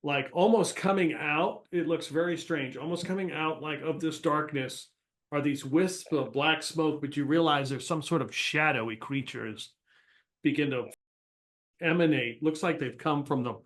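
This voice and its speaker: A man narrating as game master of a tabletop role-playing game, in loose, halting speech full of fillers and restarts. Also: fairly high pitch, a bit bright.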